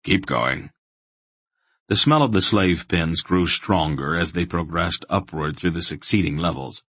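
A man narrating a fantasy audiobook in a steady, measured way. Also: low-pitched, husky, no room sound.

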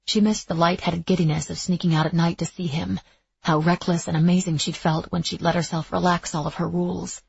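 A woman narrating a novel in a steady, even-toned storytelling manner, with a husky voice. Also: fairly low pitch, brisk. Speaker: audiobook narrator. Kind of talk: scripted narration. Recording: dry, slightly dull lo-fi recording.

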